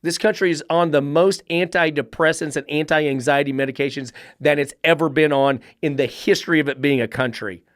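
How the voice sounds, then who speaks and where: A man's voice: a little high, steady tone, fairly quick, few pauses, no echo. Blunt man in his middle years, dog trainer host, cusses, dry close sound. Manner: blunt, profane, fires rhetorical questions. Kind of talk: podcast monologue.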